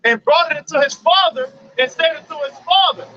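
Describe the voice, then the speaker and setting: A man's voice: very high voice, a little fast, pushed and bright, dull audio, slight background noise. A man reading scripture aloud steadily, now and then affirming the teacher. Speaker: scripture reader.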